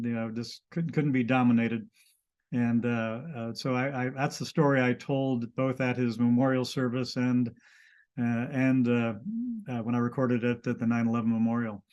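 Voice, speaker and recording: A man telling a personal story in casual conversation, halting and restarting often. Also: mid-range voice, flat delivery, a little mellow, highs cut off.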